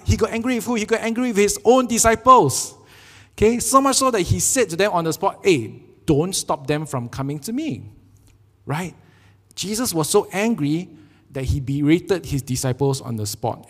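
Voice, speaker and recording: Singaporean man preaching, slightly high voice. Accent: Singaporean English. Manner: animated storytelling with frequent "right?" tags. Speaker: pastor. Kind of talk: sermon. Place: church sanctuary. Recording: long church hall reverb.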